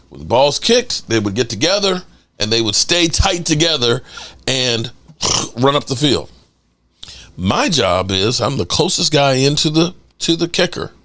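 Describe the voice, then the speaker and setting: A middle-aged man hosting a casual livestream podcast, telling a story in an animated way, acting out quotes and swearing casually. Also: mid-range voice. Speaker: podcast host.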